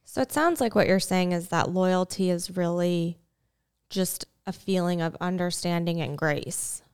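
A woman's voice: fairly low pitch, a little slow, smooth, no echo, studio quality. A woman co-hosting a podcast, asking rambling questions with many fillers and hesitations. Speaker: podcast co-host. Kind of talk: casual conversation.

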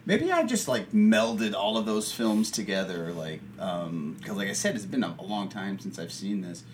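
Podcast co-host, male, lively swinging delivery, laughs a lot, faint room hiss. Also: fairly low pitch, moderate pace. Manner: animated, laughs often, jokey mock greetings. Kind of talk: casual chat.

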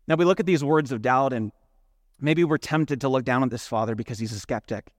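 A male pastor preaching a sermon in a relaxed, conversational way, slipping into animated retellings full of "like" asides. His voice sits a little high for a man. The sound is close and dry, with little room echo. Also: fast talker. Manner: casual, animated storytelling with "like" asides. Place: church.

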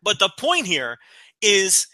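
A man's voice: high voice, wildly swooping pitch, takes it slowly, bright, forceful tone, no echo. A man co-hosting a podcast in casual chat, wry and emphatic with fillers and swearing. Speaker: podcast co-host.

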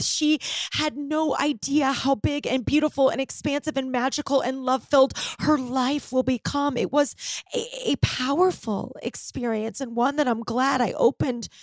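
A woman's voice: mid-range voice, a little mellow, no room sound, studio quality. A middle-aged woman telling a personal story in a candid, emotional way, swearing often. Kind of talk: personal story told to listeners.

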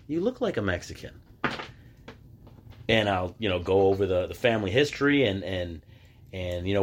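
A man hosting a solo podcast, telling stories in a loose conversational way, often restarting his sentences and acting out what other people said. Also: fairly low pitch. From United States. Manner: conversational storytelling, acting out quoted voices; frequent restarts and filler words. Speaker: podcast host. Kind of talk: casual solo podcast monologue.

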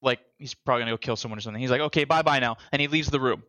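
Bright, dry-voiced man rambling animatedly. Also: medium pitch, rapid-fire, no echo. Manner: rambling, animated storyteller who overthinks aloud. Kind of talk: casual chat.

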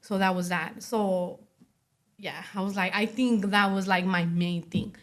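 A young woman speaking as an interview guest, giving a personal testimony in a soft voice full of "you know" and "like". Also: medium pitch, steady tone, unhurried. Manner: soft-spoken, many fillers like "you know" and "like".

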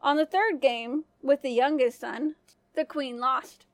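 A woman storyteller narrating a fairy tale for a family-friendly podcast in a gentle manner. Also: sits high, fairly even intonation, measured pace, no echo.

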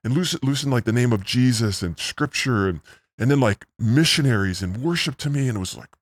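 A man in his forties, a missionary guest, telling his story in a rambling, earnest way through a pitch-altered disguise. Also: expressive, a little fast, no room sound. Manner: earnest, rambling, full of "like" and "you know". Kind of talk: casual storytelling interview.

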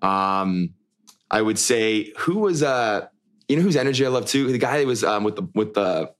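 A man's voice: lowish voice, animated, normal speed. Young man rambling in casual chat. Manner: rambling, many restarts and fillers. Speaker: podcast co-host, former show lead.

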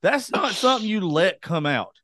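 A man's voice: sits high, expressive, moderate pace, a bit bright, no echo. A man co-hosting a podcast, joking crudely and often putting on mocking voices. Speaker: podcast co-host. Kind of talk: crude comedic banter.

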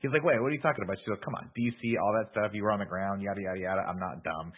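A man's voice: fairly low pitch, very fast. A man casually retelling a film scene by scene on a podcast, quoting the characters' lines with lots of fillers. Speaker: podcast co-host recapping a film. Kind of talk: casual movie recap chat. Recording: tinny phone-like sound.

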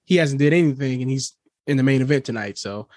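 A man's voice: medium pitch, quick pace, no room sound. Man co-host with a dry close sound. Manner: relaxed, agreeable, chiming in with short replies. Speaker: podcast co-host. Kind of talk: casual recap chat.

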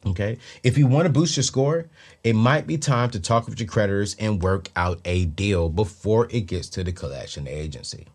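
A man hosting his own show, talking straight to his listeners in a loose, conversational way. His pitch swings widely, and he builds to loud, emphatic, preachy stretches when he drives a point home. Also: a little fast, slightly rough. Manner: animated, preachy, rising to loud emphatic bursts. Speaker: podcast host. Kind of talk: casual talk to listeners.

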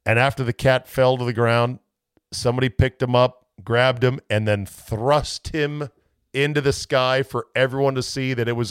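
Man, sports talk host, lively swooping voice, rambling monologue, dry close sound. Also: medium pitch, smooth, dry recording. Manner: rambling, self-mocking asides.

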